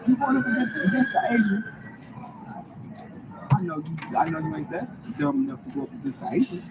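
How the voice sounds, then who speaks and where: Rambling woman livestreaming on her phone, voice all over the place, loud noise behind her. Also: fairly high pitch, animated, brisk. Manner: rambling, scattered, talks to viewers. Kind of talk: rambling live stream chat.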